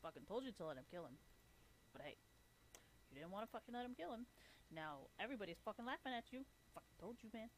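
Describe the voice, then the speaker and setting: A woman's voice: medium pitch, expressive, quick pace, long pauses, slight background noise. A woman on a livestream ranting with a profane, taunting, sarcastic manner. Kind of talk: livestream rant.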